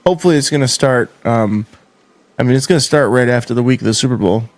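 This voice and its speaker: A man riffs through a casual sports podcast chat, restarting sentences and filling pauses as he goes. His voice sits in a middle pitch, recorded dry and close with no room sound. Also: dry recording. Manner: joking, lots of fillers and restarts. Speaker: podcast co-host.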